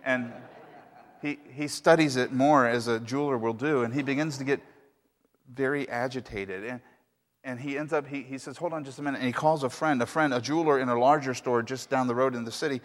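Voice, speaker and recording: A male pastor with a brisk, mid-range voice preaches in a church sanctuary, and the recording carries echoey hall reverb. He tells a story conversationally, dropping asides to the congregation.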